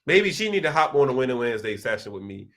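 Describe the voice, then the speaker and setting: A young man hosting a live chat, reading viewer comments and telling stories in a slangy, animated way. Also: fast talker, slight background noise. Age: young adult. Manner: animated, slangy storytelling with big pitch jumps. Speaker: host of a live chat session.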